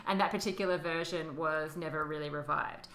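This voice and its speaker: Lady cohost rambling through history, low-ish voice, kinda bright, roomy echo. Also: steady tone, brisk, over a noisy crowd. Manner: chatty, explains with fillers and laughs. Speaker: podcast co-host. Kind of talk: casual conversational history chat.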